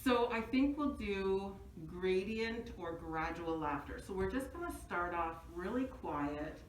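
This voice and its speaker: A woman's voice: mid-range voice, lively intonation, a little slow, far from the mic, slight background noise. A woman teaching laughter yoga, cheerfully guiding exercises with rhythmic ho-ho-ha-ha laughing. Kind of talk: leading laughter exercises and being interviewed. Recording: echoey room, voice from off-mic.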